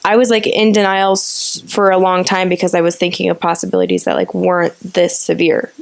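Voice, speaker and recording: A woman's voice: lowish voice, brisk, creaky. A woman in her twenties co-hosting a podcast, recounting an upsetting event in casual chat. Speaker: podcast co-host.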